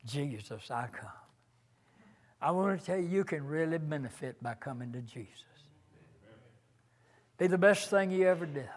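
An older man preaching a sermon in a slow, earnest way, reciting hymn lines with rising emphasis. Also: fairly high pitch.

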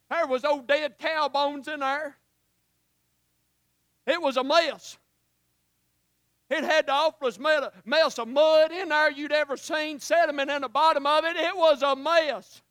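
A male preacher, delivering a sermon that swings from shouts to hushed, emotional asides and calls the listeners honey. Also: very high voice, fairly even intonation, a little slow, no echo, studio quality.

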